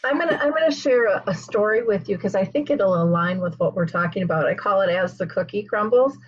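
Woman host, animated storyteller, a bit breathy, dry, muffled audio. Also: mid-range voice, brisk, dry recording. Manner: animated storyteller with frequent fillers. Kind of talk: conversational interview, storytelling.

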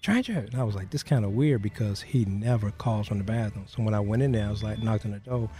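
A man being interviewed, recounting a personal story in a halting way, full of "you know" fillers. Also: fairly low pitch, little pitch movement, warm tone. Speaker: interview guest.

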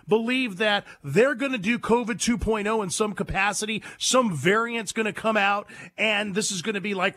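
Male talk radio host, high pitched and bright, emphatic, indignant delivery. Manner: emphatic, indignant, takes calls.

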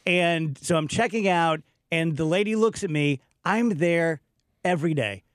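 A man chatting casually as a co-host, telling stories in an animated, self-mocking way. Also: on the high side, measured pace, no room sound, clean studio sound. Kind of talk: casual chat.

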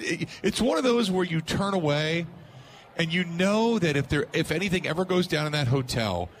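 Animated male talk radio host. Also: fairly high pitch, a little hiss or hum. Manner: animated, laughing storyteller acting out quotes. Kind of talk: sports talk radio storytelling.

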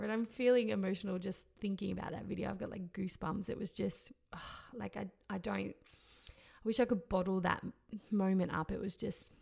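A young woman telling her own birth story at home, emotional and heartfelt, often halting and repeating herself. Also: medium pitch, gravelly. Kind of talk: personal storytelling.

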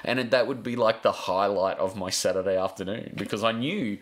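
A man's voice: on the low side, brisk. A middle-aged Australian man, a journalist guest on a podcast, talking in a rambling, heartfelt way with casual swearing and many restarts. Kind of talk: emotional podcast interview.

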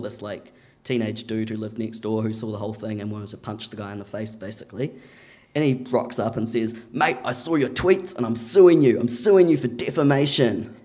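A man's voice: lowish voice, darkish tone. A man telling a story at a live event, in a casual, chatty way with plenty of "like" and "you know". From New Zealand.

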